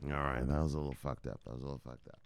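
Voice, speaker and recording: A man hosting a crypto livestream from home, cursing freely, laughing often and shouting at his viewers. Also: extremely low pitch, little pitch movement, racing, no room sound. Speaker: crypto news host. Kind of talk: casual livestream rant.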